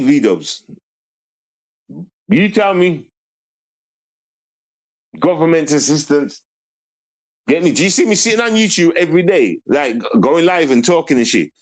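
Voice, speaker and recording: Animated, profane man ranting on stream. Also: a little high, low-quality recording. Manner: profane, repetitive, confrontational; rambling with stammered restarts. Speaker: livestreamer. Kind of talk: live stream rant at chat.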